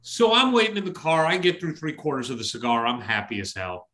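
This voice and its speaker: Animated man telling a story. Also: fairly quick. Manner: animated, jumps pitch when quoting himself. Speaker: associate head coach, podcast guest. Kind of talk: casual storytelling.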